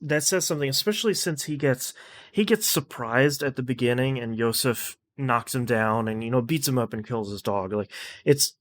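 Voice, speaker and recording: A man co-hosting a casual film podcast, agreeable and quick to chime in with short affirmations. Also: medium pitch. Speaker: podcast co-host.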